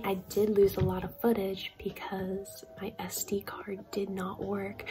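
A woman's voice: mid-range voice, a little mellow. A young adult woman telling a travel story to the camera in a casual, chatty vlog, with lots of fillers and small laughs. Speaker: vlogger. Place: indoors, facetime-style talking to camera.

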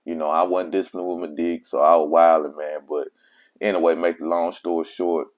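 Low-voiced man telling a personal story. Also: level tone, fairly quick. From Mississippi. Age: adult father of children. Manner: slangy, emphatic, repeats himself. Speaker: vlogger telling his own story.

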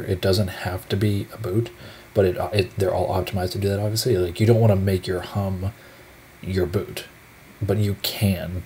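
A man's voice: low voice, a little hiss or hum. A young man giving a casual, rambling tutorial full of fillers as he walks through settings on screen. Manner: relaxed, rambling, many fillers. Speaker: shop owner giving a tutorial.

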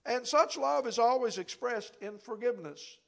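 Gravelly older preacher telling a story. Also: male voice, very high voice, moderate pace, a bit bright. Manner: storytelling, folksy and conversational. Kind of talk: sermon. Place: church.

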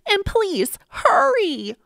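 A woman voicing an excited little boy from a storybook, high and pleading. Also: measured pace, no room sound, clean studio sound, exaggerated voice. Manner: high-pitched, pleading and frantic. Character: excited little boy, pet fish owner.

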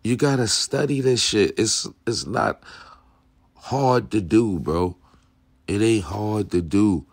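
Gruff, profane man ranting about dogs. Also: lowish voice, slow pace, no room sound. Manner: blunt, profane, street slang. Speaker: dog channel host. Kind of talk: casual commentary reacting to a video.

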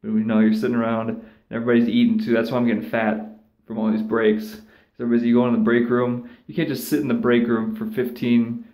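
A man of ordinary pitch rants in a loose, rambling way, swearing often and slipping into sarcastic mock voices. The room around him is echoey and bare. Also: level tone, fast talker, a little mellow. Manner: rambling, profane, sarcastic, with mocking put-on voices. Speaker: vlogger. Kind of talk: casual ranting monologue.

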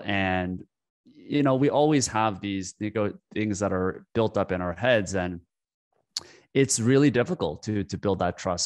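A man hosting an interview, asking thoughtful questions and restating his guest's points. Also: lowish voice. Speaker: podcast host.

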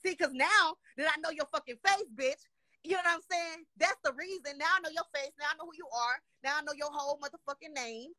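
Woman from Dallas, high bright voice, rapid profane rant, dry close sound. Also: dry recording. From Dallas, Texas. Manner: profane, heated, repeats "you know what I'm saying". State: upset. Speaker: guest complaining on a live show. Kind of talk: angry rant.

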